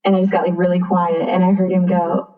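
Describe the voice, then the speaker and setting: A woman's voice: on the low side, flat delivery, fast, echoey room. A young woman telling a personal story in a chatty way, often saying "like" and acting out both sides of a conversation. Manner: chatty, frequent "like", acts out dialogue. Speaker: guest. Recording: tinny phone-line sound, distant.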